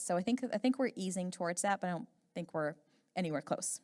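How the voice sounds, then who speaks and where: A woman's voice: lowish voice, lively intonation, fast, darkish tone. A woman speaking as a panelist, hesitant with many fillers and restarts. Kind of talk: panel discussion.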